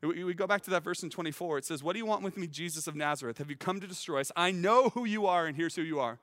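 A man preaching a sermon as teaching pastor, earnest and emphatic, often repeating words as he starts a phrase and rising to loud peaks. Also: a little high, fast, in a large hall.

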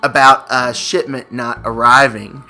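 A man's voice: mid-range voice, fairly even intonation, measured pace, vocal fry, bright, forceful tone. A man co-hosting a podcast in casual chat, telling long rambling stories and swearing casually. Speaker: podcast co-host.

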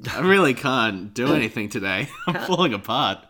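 A man co-hosting a podcast with dry, self-deprecating humor. His pitch moves up and down a lot as he speaks. He talks loosely and casually. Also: sing-song, normal speed, sharp tone, slight background noise. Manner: dry, self-mocking banter. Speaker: podcast co-host. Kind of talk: casual chat.

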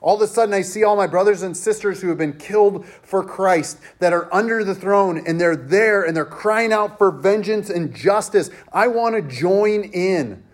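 A man's voice: sits high, moderate pace, hardly any pauses. A man as pastor preaching a sermon with an emphatic, repetitive cadence.

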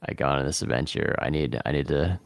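A man's voice: very deep voice, a little fast, gravelly, dry recording, studio quality. A young man playing a tabletop game for the first time as a guest, talking hesitantly and repeating words. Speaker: guest player. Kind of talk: casual tabletop game play.

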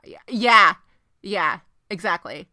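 A woman's voice: medium pitch, lively intonation, slow, bright, forceful tone, no echo, studio quality. A young woman co-hosting a podcast, reacting emphatically with blunt swearing. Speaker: podcast co-host. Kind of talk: casual chat.

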